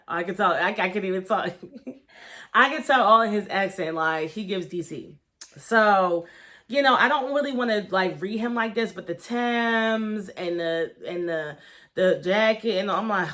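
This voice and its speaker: A woman's voice: medium pitch, animated, moderate pace, bright, forceful tone. A woman giving a candid, gossipy review of a reality show in a casual vlog, talking with lots of fillers and profanity.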